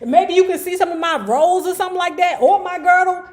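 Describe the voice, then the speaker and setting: A woman's voice: little pitch movement, very fast, echoey room, close to an everyday voice. A woman doing an impression of a vain, glamorous aging diva who refuses to be filmed from below. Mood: indignant. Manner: shrill, indignant, very high and loud.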